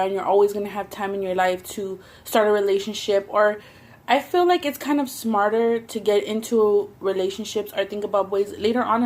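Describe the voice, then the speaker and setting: A young woman with a Southern Californian accent, telling blunt, profane stories while eating for her vlog. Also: medium pitch. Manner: blunt, profane, animated storytelling. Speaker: mukbang vlogger. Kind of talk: casual storytelling while eating.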